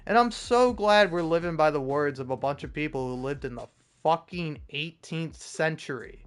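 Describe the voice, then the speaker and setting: A man's voice: a little high, moderate pace, hardly any pauses, clear, resonant tone. A young man rambling sarcastically over a game, swearing often and stumbling over restarts. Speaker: gaming streamer. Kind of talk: sarcastic rambling commentary while gaming.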